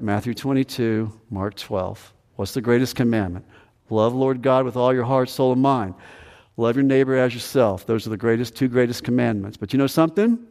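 A man's voice: medium pitch, creaky, a little mellow, long reverb tail. A man preaching a sermon as pastor, emphatic, repeating phrases and asking the congregation questions. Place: church sanctuary.

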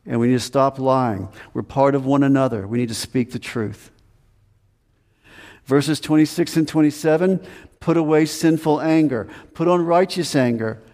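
A man's voice: mid-range voice, normal speed, dark tone, big-room sound. A man preaching a sermon as pastor, earnest and emphatic, repeating his commands.

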